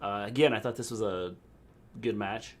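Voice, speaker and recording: A man's voice: lowish voice, normal speed. A middle-aged man co-hosting a casual livestream chat, making blunt, dry remarks. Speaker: co-host.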